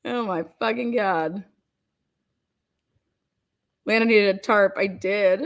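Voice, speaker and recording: A woman's voice: medium pitch, steady tone, takes it slowly, pauses often. A woman telling stories in casual chat, swearing freely, laughing often and filling her talk with "like". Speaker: online commentator. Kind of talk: casual profane storytelling.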